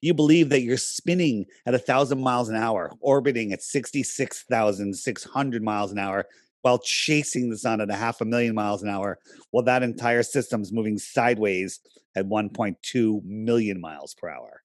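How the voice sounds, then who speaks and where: A man's voice: on the low side, moderate pace, dry recording, clean studio sound. A man as a podcast guest, talking in a casual interview, emphatic and persuasive, often pressing his points with rhetorical questions.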